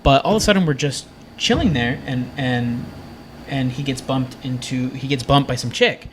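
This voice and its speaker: A man's voice: mid-range voice, normal speed, a little hiss or hum. A young man on a podcast, telling stories casually and animatedly, swearing a lot and acting out the people in them. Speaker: podcast guest.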